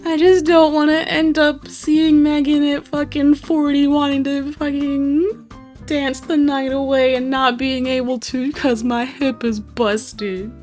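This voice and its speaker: Woman, twenties, streamer, casual chat, rambling, profane, self-mocking, slow pace, faint background music. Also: high-pitched, little pitch movement, a little mellow. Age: 20s.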